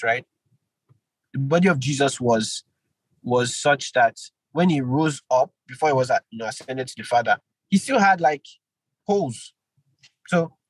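A man teaching an online Bible study, animated, with sudden jumps in pitch for emphasis and quick apologetic asides. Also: breathy edge, no room sound, rough recording.

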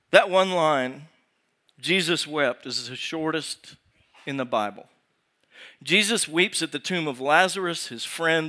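A man preaching a sermon as pastor, posing rhetorical questions to the congregation and swinging from raised emphasis to hushed, slow lines. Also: on the high side.

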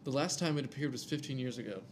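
A fast-talking man with a mid-range voice reads a scary story aloud in a casual way. He keeps cracking jokes and stumbling over names, and faint music can be heard behind him.

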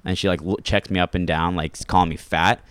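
A man's voice: low voice, fairly even intonation, fast talker, a bit bright, smooth, no echo. A young man, a comedian, telling rambling stories in casual podcast chat, full of filler words. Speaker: comedian guest.

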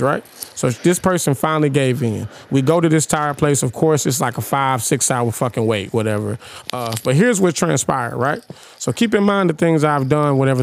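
A young man hosting a podcast, telling a story in casual chat, animated and profane, firing rhetorical questions at his co-hosts. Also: fairly high pitch, no room sound, clean studio sound. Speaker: podcast host.

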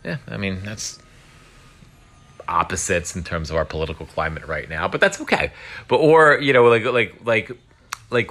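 A man's voice: low voice, pushed and bright. A man hosting his own podcast, talking alone in a rambling, self-mocking way with lots of fillers. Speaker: podcast host. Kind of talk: casual solo podcast monologue.

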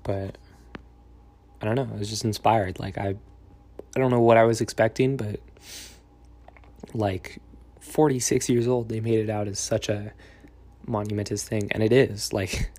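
A man's voice: on the low side, fairly even intonation, moderate pace, long pauses, darkish tone. A young man in a casual vlog monologue, rambling and meandering with lots of fillers and half-finished thoughts. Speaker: vlogger.

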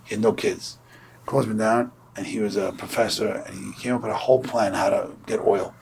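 A Torah class teacher from Brooklyn, New York, speaks a little fast in a lowish, gravelly voice, with a little hiss or hum in the audio. His informal lecture features conversational storytelling and animated voices for the people he quotes.

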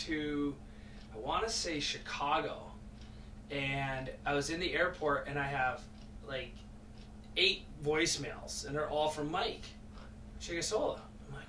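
Male goalie guest, lively storyteller, bright voice, set back in an echoey room with faint noise. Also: on the high side. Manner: animated storytelling, voices other people. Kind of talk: casual chat. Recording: roomy, distant, faint noise.

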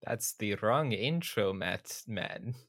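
A man co-hosting a casual comedic podcast, wry and deadpan with frequent laughter. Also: fairly low pitch, takes it slowly, no room sound, studio quality. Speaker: podcast co-host.

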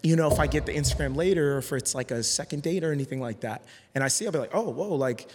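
A man's voice: fairly high pitch, very fast, background noise. A man talking as a podcast guest in a casual conversation, earnest and hesitant, often restarting his sentences. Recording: long hall reverb.

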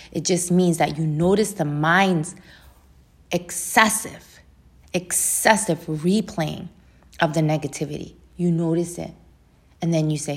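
A woman's voice: low-pitched, slightly rough. A woman hosting a talk, sharing self-help strategies in a casual teaching style, often restarting phrases and adding "right?". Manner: frequent restarts and "right?" tags. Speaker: host.

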